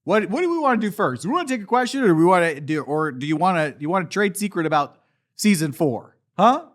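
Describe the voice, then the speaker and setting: A defensive, self-pitying voice actor rambles through showman patter, repeating himself as he goes, as a man plays him. His pitch rises and falls in lively swings. He sounds middle-aged. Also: fast talker. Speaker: convention panelist. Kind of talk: comedic character monologue at a panel.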